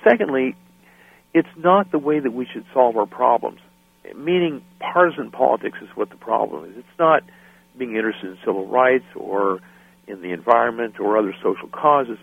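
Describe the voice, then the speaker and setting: A middle-aged American man, a musician and guest, telling lively anecdotes and acting out the people in them, often laughing. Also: medium pitch, normal speed, vocal fry, slightly rough, dry recording. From United States. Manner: animated anecdotes, acts out quoted voices. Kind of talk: storytelling interview. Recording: dry phone-line sound.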